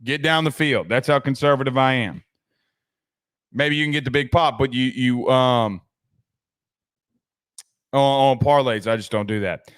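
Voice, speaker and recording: A man's voice: mid-range voice, unhurried, pauses often, a bit bright, smooth. A man hosting a sports podcast, chatting loosely and reading viewer comments, with frequent restarts and casual swearing.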